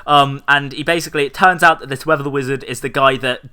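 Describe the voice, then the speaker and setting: A man's voice: medium pitch, fairly even intonation, fast talker, pushed and bright. A man hosting a casual podcast, recapping a show in a rambling, joking way with lots of ums and uhs. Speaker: podcast host. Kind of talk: casual chat.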